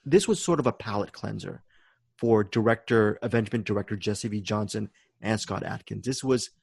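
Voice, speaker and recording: A man's voice: fairly low pitch, moderate pace, creaky, darkish tone, breathy edge, no echo. A man hosting a podcast in casual chat, enthusiastic and repeating words as he thinks. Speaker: podcast host.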